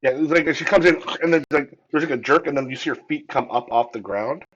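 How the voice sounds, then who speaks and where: A man's voice: on the high side, brisk, a bit bright, husky. A man running a tabletop game as game master, narrating with lots of fillers and hesitations. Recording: dull lo-fi audio.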